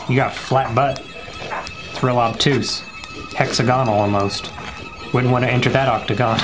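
Over a noisy background, a young gaming YouTuber with a mid-range voice casually narrates his horror game playthrough. He's jokey, addressing both the game and his viewers, and lowers his voice to a whisper when scared.

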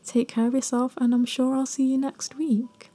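A young woman talks through a cosy game in a gentle, slightly high voice. Her tone is mellow and warm, cheerful and gushing, with the occasional hushed whisper. She is close to the mic. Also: little pitch movement, moderate pace. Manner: soft, cheerful and gushing, with quiet whispered asides. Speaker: gaming video creator. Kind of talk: cosy gameplay commentary.

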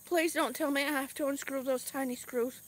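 Chatty high-voiced woman outdoors. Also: steady tone, moderate pace. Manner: chatty, exasperated, sighing. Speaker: vlogger. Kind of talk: casual live-stream chat. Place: outdoors on grass. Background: crickets and passing cars.

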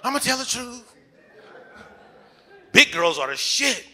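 A man's voice: very high voice, very animated, takes it slowly, bright, forceful tone. A man performing a crude stand-up comedy set in a comedy club, with loose punchlines and vivid put-on voices.

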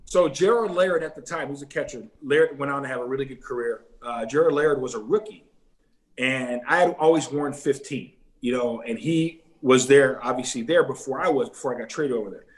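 A man's voice: medium pitch, brisk. A middle-aged man, a former ballplayer, telling stories in a casual interview and acting out other people's lines. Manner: animated storyteller who acts out other people's lines.

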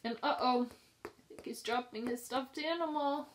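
A woman pre-K teacher reading a picture book aloud to young children, sing-song and expressive, pausing to ask them questions. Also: high-pitched, background noise. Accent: New York. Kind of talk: children's storybook read-aloud.

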